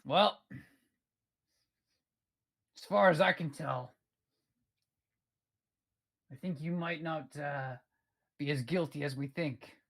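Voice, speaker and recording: A man voicing a cautious male adventurer who wields magic, speaking in a measured, guarded way. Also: on the high side, vocal fry, a bit bright, full character voice.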